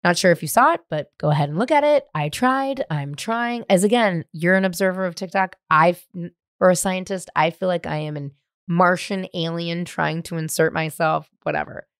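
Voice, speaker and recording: A woman's voice: on the low side, moderate pace, clear, resonant tone, dry recording, studio quality. Middle-aged woman telling a swearing story. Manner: animated, profane, acts out quoted lines. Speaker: podcast host. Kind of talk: casual storytelling chat.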